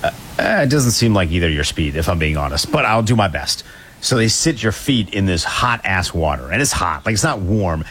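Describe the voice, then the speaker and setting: A man's voice: low-pitched, very animated, normal speed, a bit bright, slight background noise. A man co-hosting a casual podcast, telling a wry story in a laid-back way. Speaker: podcast co-host.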